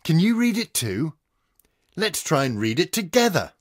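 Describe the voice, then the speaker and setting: Man narrating a kids' learning game, cheerful and encouraging, lively animated pitch, noisy audio. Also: moderate pace. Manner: cheerful, encouraging, addresses the child. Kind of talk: children's educational game narration.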